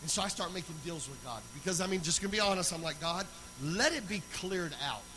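A man preaching a sermon, moving between loud, sung exhortation and quiet, conversational storytelling. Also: high voice, animated, fast, a little hiss or hum, poor audio.

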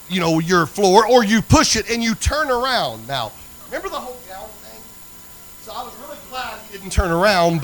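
Middle-aged preacher, animated storyteller, high and bright. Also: male voice, low-quality recording. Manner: animated storyteller acting out dialogue. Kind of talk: sermon storytelling.

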